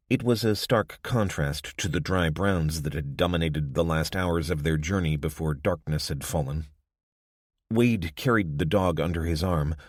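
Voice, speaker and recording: A male audiobook narrator with a low voice reads scripted narration. The recording is dry and studio quality.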